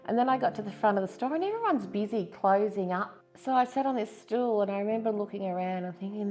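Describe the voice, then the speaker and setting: A woman's voice: medium pitch, animated, quick pace, few pauses, darkish tone, soft background music. A woman in her fifties with an Australian accent, candidly and earnestly telling her own story as a stroke survivor in a testimonial interview. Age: 50s.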